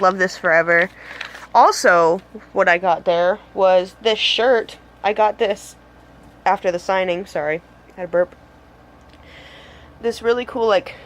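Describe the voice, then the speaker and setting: A woman's voice: medium pitch, slight background noise. A young woman telling a casual story in a vlog filmed on her phone, bubbly and rambling, with lots of fillers. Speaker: vlogger. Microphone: phone camera.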